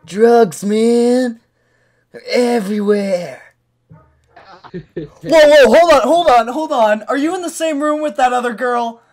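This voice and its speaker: A man voicing a brash, silly male T-rex puppet on a webcam video chat, gravelly and rowdy, shouting and making mouth noises. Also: very high-pitched, animated, a little slow. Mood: goofy.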